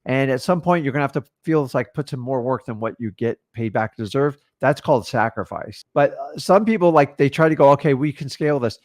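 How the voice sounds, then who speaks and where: A man's voice: mid-range voice, lively intonation, brisk, hardly any pauses, darkish tone, no room sound, studio quality. A man hosting a casual livestream, coaching on business in a blunt, emphatic way with frequent filler words. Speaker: wholesaling coach and host.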